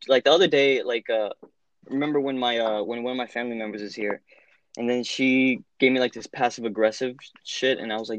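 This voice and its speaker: A man's voice: mid-range voice, fairly even intonation, brisk, no room sound. Young guy, blunt casual talker, lots of swearing and "like", dry close sound. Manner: blunt, swearing, heavy filler words. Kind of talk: casual chat.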